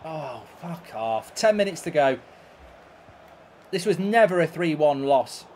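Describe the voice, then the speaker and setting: A man's voice: a little high, very animated, unhurried, darkish tone, slight background noise. A man streaming gameplay, ranting and swearing in exasperation as he commentates. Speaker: streamer and host.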